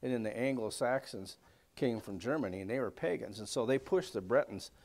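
A man's voice: mid-range voice, expressive, a little fast, darkish tone. A man leading a casual church Bible class in a folksy, rambling way, with many fillers and asides. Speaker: Bible study teacher.

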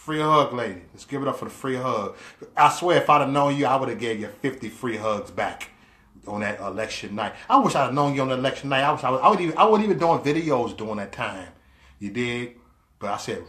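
A man vlogging in an animated storytelling monologue, swinging from low asides to loud cries. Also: brisk. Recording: roomy echo.

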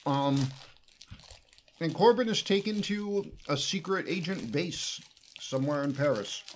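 A man's voice: on the high side, lively intonation, unhurried, slight background noise. A man co-hosting a podcast, retelling a movie plot in casual chat and laughing often. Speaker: podcast co-host.

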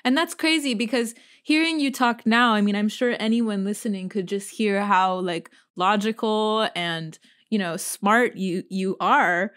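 A woman's voice: medium pitch, unhurried, few pauses, fairly bright tone, clean tone. Attentive woman podcast host. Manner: attentive, lots of short affirmations and follow-up questions. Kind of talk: casual interview chat.

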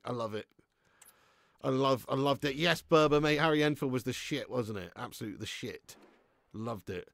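A man's voice: medium pitch, vocal fry, no echo, studio quality. A man chatting casually on a gaming live stream, full of slang and frequent laughs. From England. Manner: chatty, slangy, laughs often, reads out chat.

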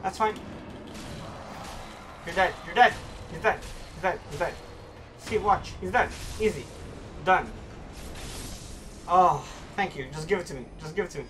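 A man streaming a video game, talking casually to his viewers and reacting excitedly as he plays. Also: high-pitched, unhurried, long pauses, a little hiss or hum. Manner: excitable, talks to viewers while playing. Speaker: gaming streamer. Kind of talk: casual let's-play commentary.

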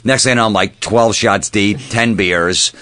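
A man, a comedian guest on a radio show, telling a wry story quickly. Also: on the low side, bright, forceful tone, dry recording, clean studio sound. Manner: rapid, wry anecdote telling. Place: radio studio.

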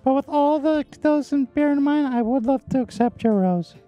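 A man voicing a young female dating-show contestant, speaking solemnly with a shaky put-on Australian accent and halting restarts. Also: extremely high pitch, highs cut off, faint music behind, voice pushed up. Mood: mock-sincere. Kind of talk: comic improvised role-play.

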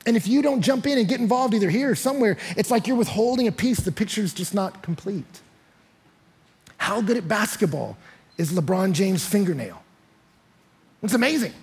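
Pastor, man, high husky voice, lively storyteller acting out every quote. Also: normal speed. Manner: energetic storyteller acting out quotes, rising loud and high in excitement; repeats words when starting sentences. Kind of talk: sermon. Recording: live church sanctuary.

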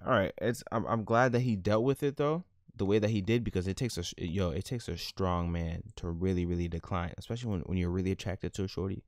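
Brief: male gaming host with a low voice, dry close mic, casual slangy commentary. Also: brisk, no echo. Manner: animated, slangy, laughs at his own jokes. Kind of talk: casual let's-play commentary.

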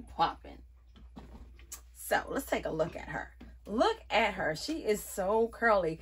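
Young woman, beauty vlogger, animated pitch, bright husky voice, playful and exuberant. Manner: exuberant, playful, talks to viewers as y'all, bursts of laughter. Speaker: beauty vlogger reviewing a wig. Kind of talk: casual chatty vlog.

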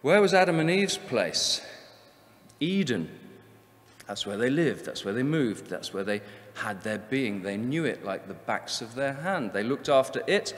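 Brief: a male seminar speaker with a slow, lively delivery in a hall with a long reverb. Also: mid-range voice. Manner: emphatic, rhetorical questions, measured repetition. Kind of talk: Bible seminar talk. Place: convention hall.

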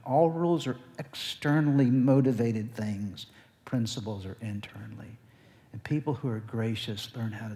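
A man's voice: on the low side, darkish tone. Man preaching in a reverberant hall. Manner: asks the congregation questions and answers them. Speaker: pastor. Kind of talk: sermon. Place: church sanctuary.

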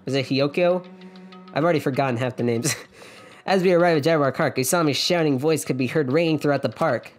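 A young woman with a lowish voice gives casual, jokey commentary while playing a video game. She reads the dialogue aloud and often breaks off to giggle. Game music plays faintly under her voice. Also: fast. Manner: jokey, giggly, self-interrupting. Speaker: let's play streamer.

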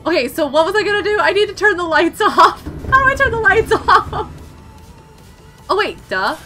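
A woman live streaming a game, excitable and chatty, laughing and yelling at what happens on screen. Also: extremely high pitch, normal speed, soft background music.

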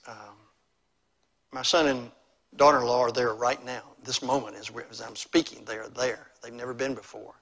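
A middle-aged man preaching a revival sermon in a church, swinging from loud exclamations to hushed appeals. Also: mid-range voice, level tone, normal speed. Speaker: evangelist preacher. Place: church sanctuary.

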